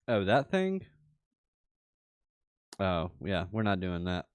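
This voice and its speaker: Laid-back deep-voiced male streamer. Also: big pitch swings, slow pace, creaky, pauses often, dry recording, clean studio sound. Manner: rambling, chatty, often laughing, talks to viewers. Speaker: crypto trading livestreamer. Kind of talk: casual livestream chat.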